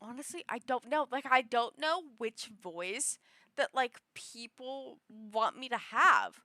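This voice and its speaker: Woman streamer, casual chat, bright and crisp, meandering delivery with a restless shifting pitch. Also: animated, takes it slowly, no room sound, clean studio sound. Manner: rambling, filler-heavy, shifts her pitch often.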